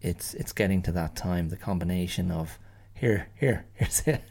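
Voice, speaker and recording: A man's voice: sits low, moderate pace, creaky, a little mellow, slightly rough. A middle-aged Irish man hosting a solo podcast, musing in a rambling, wry way and often restarting his phrases. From Ireland. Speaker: podcast host.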